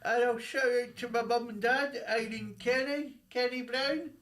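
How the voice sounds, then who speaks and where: A woman's voice: on the high side, fairly even intonation, measured pace, fairly bright tone. Glaswegian woman, brief hesitant remarks. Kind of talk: casual chat.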